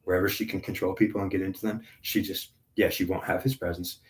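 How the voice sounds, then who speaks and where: Deep-voiced man in his fifties, intense. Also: flat delivery, quick pace. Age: 50s. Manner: intense, repetitive, stumbling restarts. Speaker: spiritual reader. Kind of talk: spiritual monologue.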